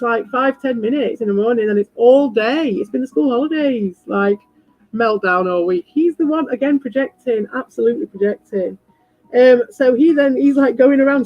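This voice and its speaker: A woman streamer in a casual ranting chat, animated, swearing freely and repeating herself. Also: fairly high pitch, dull audio. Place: home.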